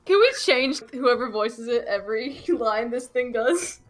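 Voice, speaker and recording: A woman's voice: fairly high pitch, expressive, unhurried. A woman reading along with friends, reacting with exclamations and laughter. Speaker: co-reader. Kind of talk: reactive banter.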